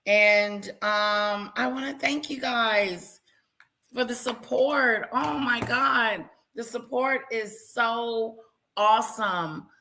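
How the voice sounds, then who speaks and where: A woman hosting a casual live stream, talking loudly and chatting with her viewers by name. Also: on the high side, slow pace, a little hiss or hum, poor audio. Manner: loud, talks to chat viewers by name.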